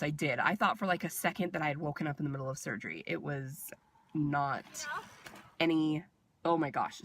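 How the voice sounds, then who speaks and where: A woman vlogger casually telling a personal storytime with animated asides and fillers. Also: lowish voice, no room sound.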